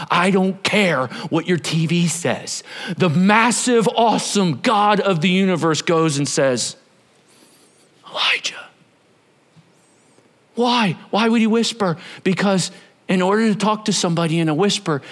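A male pastor delivers a dramatic sermon with a slightly high voice. He tells the story with animated swings, rising to shouts and falling to soft whispers. His delivery is expressive and storytelling. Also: moderate pace.

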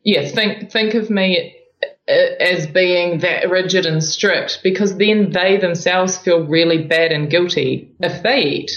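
A woman's voice: fairly low pitch, takes it slowly. A woman, a guest speaking in a reflective, rambling, hesitant way. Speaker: guest, food blogger. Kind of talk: casual interview chat. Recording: echoey room, dull lo-fi audio.

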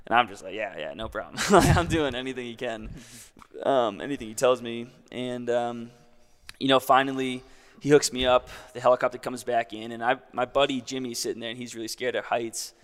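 A man's voice: medium pitch, fairly even intonation, fairly quick, clear, resonant tone, big-room sound. A young man casually telling a long story as a guest, in a laid-back way full of "like".

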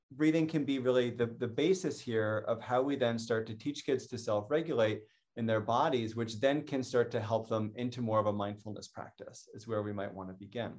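Teaching mindfulness, a middle-aged man from North America speaks calmly and sincerely in an educational talk. His voice is medium in pitch, and he often begins phrases over again.

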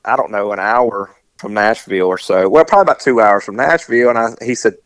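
A middle-aged man, casually telling a long, animated story and acting out the voices of the people in it. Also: lowish voice, quick pace, no echo, poor audio. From US South. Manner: rambling, animated, acts out quoted voices.

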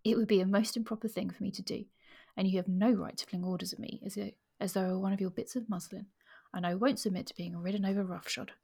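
A woman reading aloud as a proud, tearful mature heroine, in a soft, quiet voice. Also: medium pitch, fairly even intonation, quick pace, vocal fry, few pauses, breathy edge. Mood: indignant.

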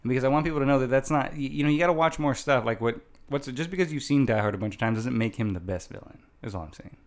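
A man's voice: mid-range voice, rapid-fire. A man in casual movie chat as a podcast co-host, rambling with many fillers and restarts.

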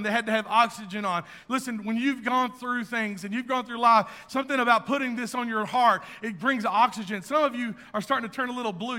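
A man's voice: very high voice, bright, forceful tone. A middle-aged man preaching a sermon, telling earnest family stories and building to fervent exhortation. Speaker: pastor. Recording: long hall reverb.

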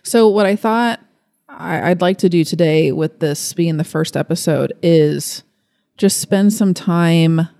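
A young adult woman hosting her own wellness podcast, talking in a gentle, earnest way with open excitement. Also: fairly low pitch, no room sound. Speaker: podcast host. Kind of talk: casual solo podcast talk. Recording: dry close recording with faint music.

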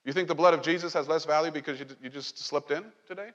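Speaking quickly in a slightly high voice, a male pastor gives a loose, animated sermon full of jokes, asides, and questions to the congregation. His words ring with long reverb through a big church sanctuary, and the sound is dull and muffled.

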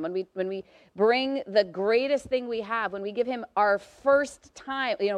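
Lively woman preaching in a dry room. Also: no echo. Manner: lively, voices quoted figures with rising pitch and volume. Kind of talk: sermon.

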